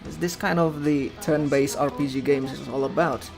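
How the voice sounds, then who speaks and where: Chatty young man with slightly high voice. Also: steady tone, moderate pace, gravelly, music in the background. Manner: rambling, chatty, with clumsy grammar. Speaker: game streamer. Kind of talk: casual chat while playing a game. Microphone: desk microphone, no camera.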